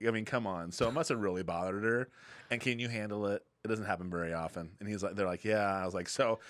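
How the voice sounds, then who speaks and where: A man's voice: fairly low pitch, fast, fairly bright tone, no echo. A middle-aged man co-hosting a casual podcast, easygoing and rambling, often chuckling. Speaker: podcast co-host. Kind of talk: casual chat.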